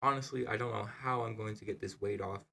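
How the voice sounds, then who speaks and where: An anxious young wife in a storybook who fusses and doubts, as a man reading aloud puts her on. Her lines keep the reader's own low, gravelly sound, with a worried, doubtful lilt. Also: fairly even intonation, fairly quick, sharp tone, exaggerated voice.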